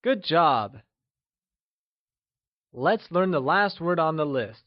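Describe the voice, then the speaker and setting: A man narrating a scripted language lesson, slow and encouraging, with deliberate explanations. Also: on the high side, expressive, no echo, dull audio. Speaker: language teacher.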